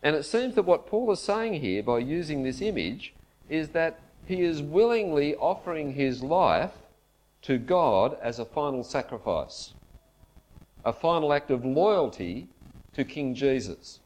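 A man preaching a sermon at a church camp, earnest and measured, leaning into his scripture quotes. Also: a little high, very animated, a little mellow. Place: church camp meeting hall.

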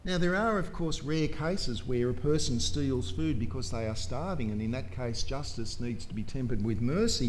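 A man's voice: mid-range voice, expressive, fairly quick, few pauses, a little mellow, a little hiss or hum. A man preaching a sermon in a church, emphatic and full of rhetorical questions to his congregation.

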